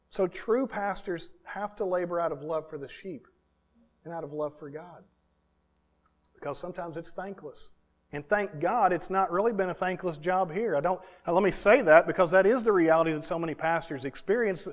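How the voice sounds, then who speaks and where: Preaching with earnest conviction, this man stacks his points in lists and repeated phrases, now and then lowering his voice to a hush. He speaks at normal speed in a high register.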